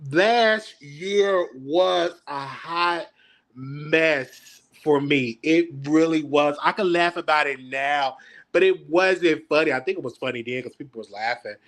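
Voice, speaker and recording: This show host's voice sits a little high with a fairly bright tone. He's running a casual reaction chat, stammering and flustered while poking fun at himself.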